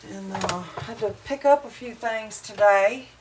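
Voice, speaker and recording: A middle-aged woman from the Southern United States chats with viewers during a casual cooking livestream in her home kitchen. Her medium-pitched voice, at a moderate pace, is homey, rambling, and a little wheezy from hay fever, with a noisy background.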